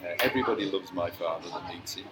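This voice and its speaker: A man's voice: deep voice, fast, poor audio. A man from Scotland, a podcast guest talking casually and earnestly in a cafe, with many hesitant fillers. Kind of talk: casual interview.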